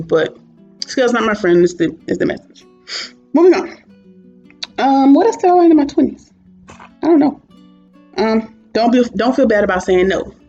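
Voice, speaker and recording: A woman in her twenties or thirties talking candidly to camera in a casual vlog, chatty and prone to asides. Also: lowish voice. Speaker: vlogger. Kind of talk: casual talking-head reflection. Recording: dull lo-fi sound with soft guitar music behind.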